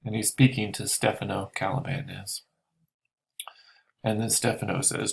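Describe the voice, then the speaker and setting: A male teacher calmly explaining a play scene, unhurried and thinking aloud as he goes. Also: fairly low pitch, gravelly. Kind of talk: lesson walking through a play.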